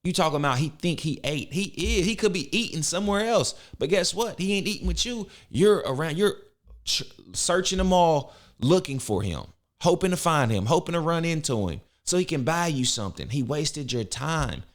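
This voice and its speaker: A man's voice: fairly high pitch, lively intonation, moderate pace. A man hosting a reaction video, mocking and teasing in casual slangy commentary.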